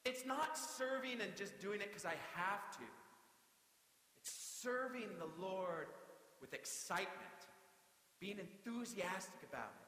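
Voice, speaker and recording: A young male pastor preaches with a high, bright, ringing voice. His delivery is lively and conversational, full of playful asides to the congregation. The sound carries long reverb, as in a big echoey church hall. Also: a little slow. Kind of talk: sermon.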